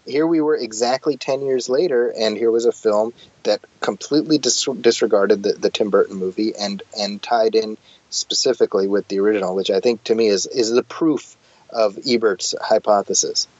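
A middle-aged man with a low voice talks movies in a lively, rambling way, tripping over his words as he goes. The sound is dry and a bit dull and lo-fi. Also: moderate pace, no room sound. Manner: talkative, animated, frequent restarts. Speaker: podcast guest. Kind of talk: casual chat about movies.

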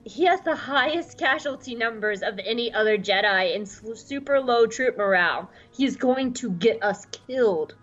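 A woman's voice: a little high, lively intonation, moderate pace, hardly any pauses, a bit bright, dull audio. A woman voicing a defiant, blunt young male soldier in a casual podcast recap.

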